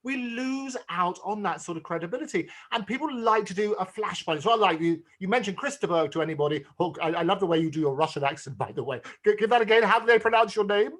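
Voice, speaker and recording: An effusive male interviewer with a high voice. He chats warmly with his guest and often repeats words as he gets a sentence going. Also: lively intonation, fast talker, few pauses. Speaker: host. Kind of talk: interview chat.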